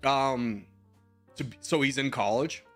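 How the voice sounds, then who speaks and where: A man's voice: mid-range voice, slow pace, fairly bright tone, soft background music. Man in his twenties chatting loosely. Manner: loose, rambling advice with slang and light swearing. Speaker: streamer. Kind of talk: casual chat, answering viewer messages.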